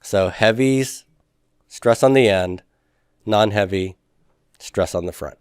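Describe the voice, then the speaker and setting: A man's voice: fairly low pitch, lively intonation, slow, long pauses, clear, resonant tone, no room sound, clean studio sound. A man teaching a Hebrew grammar class, patiently asking students questions and confirming their answers.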